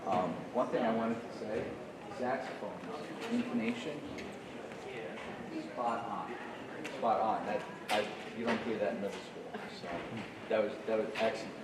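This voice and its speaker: A man's voice: fairly low pitch, normal speed, a loud crowd. A man in his forties coaching a middle school jazz band in a friendly way, scatting rhythms aloud as he teaches. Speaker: guest jazz clinician. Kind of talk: band rehearsal instruction. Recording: echoey room from far off.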